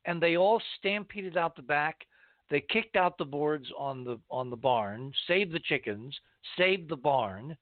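A man's voice: a little high, lively intonation, unhurried, no room sound. A man hosting a casual talk conversation, drifting through long anecdotes. His voice comes through a narrow, phone-like line. The sound is dry and close. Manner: storytelling, rambling anecdotes.

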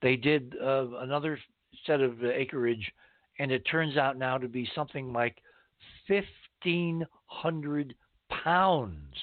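A man's voice: medium pitch, slow pace, dry recording. A man hosting a casual talk conversation, drifting through long anecdotes. His voice comes through a narrow, phone-like line. The sound is dry and close. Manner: storytelling, rambling anecdotes.

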